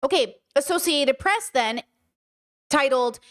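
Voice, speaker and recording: Blunt, high-voiced woman host. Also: animated, slow. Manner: blunt, profane, heated. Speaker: podcast host reacting to clips. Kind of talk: casual commentary.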